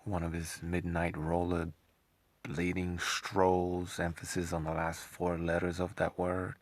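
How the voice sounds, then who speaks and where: A man's voice: low-pitched, monotone, takes it slowly, no room sound. A man hosting an opinionated commentary monologue, sarcastic and scornful, often rambling and repeating himself. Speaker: commentary channel host.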